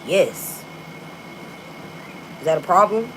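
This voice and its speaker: A woman with a Southern US accent speaks with a voice that sits a little low. She is blunt and defiant, swearing freely as she talks to her viewers. Faint room noise hums behind her. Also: expressive, unhurried, long pauses, poor audio. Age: adult, a mother. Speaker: vlogger and rapper. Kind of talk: casual talk to viewers.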